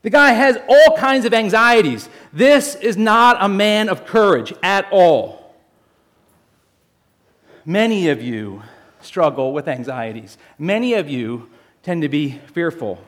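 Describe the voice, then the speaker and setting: A man preaching a sermon, telling a story in a lively, jokey way and speaking straight to the congregation. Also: sits high, takes it slowly. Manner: animated, jokey storytelling addressing the congregation as folks. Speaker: pastor.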